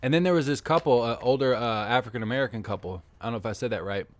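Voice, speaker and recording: Profane storytelling podcast host, dry sound. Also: male voice, mid-range voice, racing, no echo. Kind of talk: casual storytelling chat.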